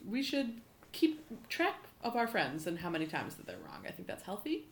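A woman's voice: mid-range voice, moderate pace, gravelly. Jokey woman guest on a comedy podcast. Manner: deadpan, jokey storytelling. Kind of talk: casual comedy podcast chat.

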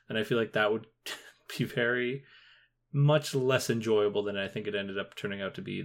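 A man with a lowish, gravelly voice talks casually on a podcast. He hesitates often, stacking filler words, then jumps up in pitch when something excites him. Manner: hesitant, filler-heavy, with sudden upward bursts. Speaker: podcast co-host.

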